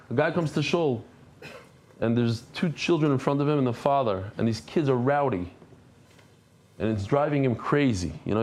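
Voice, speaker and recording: A man with a medium-pitched voice teaches the daily Talmud page, reading the Aramaic passages and explaining them in English. Now and then he changes to a quieter, storytelling tone.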